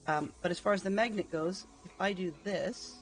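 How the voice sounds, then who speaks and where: A man's voice: high-pitched, normal speed, soft background music. A man streaming a video game live, chatting casually and thinking aloud with lots of ums and dry, self-mocking humor. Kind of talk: casual gameplay commentary.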